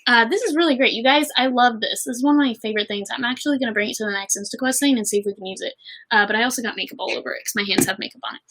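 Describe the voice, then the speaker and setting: A woman's voice: fairly high pitch, sharp tone, low-quality recording. A young woman chatting casually on a livestream while doing her makeup, bubbly and rambling, reading messages from the chat. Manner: chatty and bubbly, lots of fillers and giggles, reads out chat. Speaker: livestream host.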